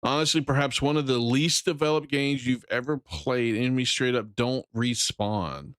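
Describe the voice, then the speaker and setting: A man's voice: mid-range voice, normal speed, fairly bright tone, clear, resonant tone, dry recording. A middle-aged man streaming games, chatting bluntly and rambling with casual profanity.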